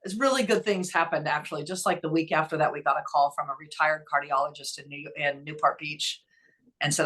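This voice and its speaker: A woman's voice: low-pitched, fairly quick. Earnest middle-aged woman telling her story. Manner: earnest, emotional, quotes others in lively voices. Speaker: nonprofit founder and guest. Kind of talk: conversational storytelling.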